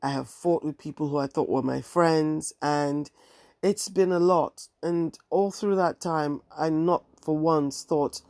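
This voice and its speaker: A woman hosts her own podcast in a candid, wry, ranting monologue. Her voice sits low and mellow with a gravelly edge. The recording is close and dry. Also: fairly even intonation, a little slow, no room sound. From African heritage. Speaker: podcast host and bookseller.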